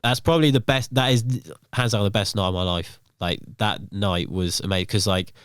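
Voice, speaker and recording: As a podcast guest, a young man rambles casually through stories, filling gaps with "um" and "like". His low voice is smooth and clear and a little fast, and the sound is dry and close with no echo.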